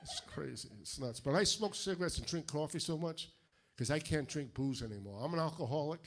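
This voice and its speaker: An older man with a New England accent works through a stand-up set, landing deadpan one-liners with tight, punchy timing. His voice sits a touch higher than most men's. Laughter from the audience breaks in between jokes. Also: brisk, slight background noise. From Fall River, Massachusetts. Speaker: stand-up comedian. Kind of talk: stand-up routine.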